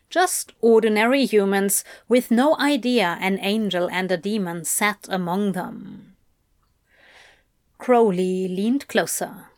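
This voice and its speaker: Slow, gentle woman reading a story. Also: medium pitch, no room sound, studio quality. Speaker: narrator.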